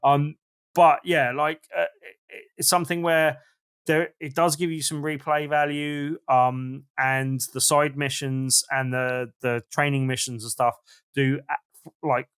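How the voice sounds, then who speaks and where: A man co-hosting a games podcast, relaxed and hedging his points with fillers. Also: on the high side, measured pace, clear, resonant tone, dry recording, clean studio sound. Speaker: podcast co-host. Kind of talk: casual chat about video games.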